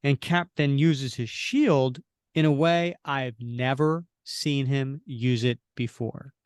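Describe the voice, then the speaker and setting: A man co-hosting a podcast, recapping a comic panel by panel in casual chat and acting out the characters' lines with animated bursts. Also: mid-range voice, slow, smooth, no room sound, clean studio sound. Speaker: podcast co-host.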